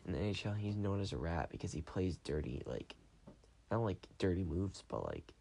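Tired, gravelly young man rambling casually. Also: low-pitched, very animated, normal speed, dark tone. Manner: chatty, rambling, self-correcting. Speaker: podcast host.

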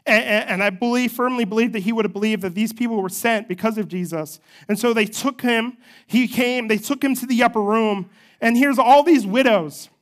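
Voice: mid-range voice, fairly quick. Conversational pastor preaching a sermon. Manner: conversational storytelling preaching with personal asides.

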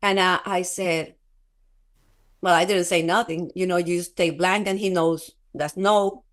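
A woman who is a guest in an interview, telling a personal testimony in a halting, earnest way, with many filler words and restarts. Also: lowish voice, fairly even intonation. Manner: earnest, often breaks into laughter.

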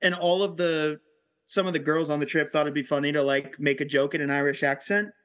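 A man's voice: a little high, fairly even intonation, fairly quick, a bit bright. A man hosting a podcast, chatting casually, laughing often and trying to cut in. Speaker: podcast host. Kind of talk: casual chat.

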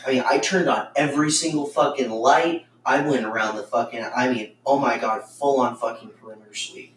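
A man's voice: medium pitch, steady tone, fairly quick, a bit bright. A man casually telling a ghost story on a podcast, rambling with lots of swearing and fillers. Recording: roomy, distant mic with faint noise.

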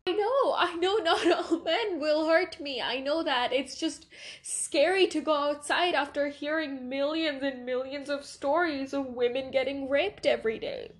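A woman's voice: high voice, unhurried. A young woman hosting a podcast, talking earnestly and apologetically while crying in an emotional monologue. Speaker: podcast host.

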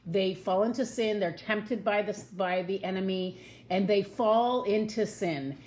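A woman giving a casual devotional Bible talk from her home, earnest and chatty, slowing down to stress her points. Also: medium pitch, a little mellow, slight background noise. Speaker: Bible teacher.

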